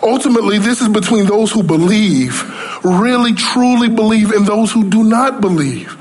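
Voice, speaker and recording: A man with a notably high voice preaches a sermon as pastor. He works through scripture with rhetorical questions and climbs in intensity as he presses his points. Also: normal speed, darkish tone, slightly rough.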